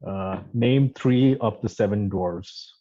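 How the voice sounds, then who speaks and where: A man hosting a casual interview, reading off quick questions and hesitating often between phrases. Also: fairly low pitch, mellow, highs cut off. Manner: hesitant, many fillers and restarts. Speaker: interview host.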